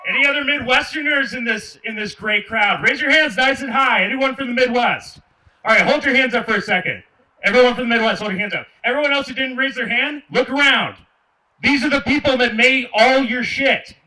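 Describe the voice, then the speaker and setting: A man's voice: very high voice, a little fast, sharp tone. A man from Michigan doing a stand-up comedy set on an outdoor park stage, talking sarcastically and ribbing the crowd. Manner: sarcastic, addresses the crowd directly. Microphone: handheld stage mic. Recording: distant mic with faint noise.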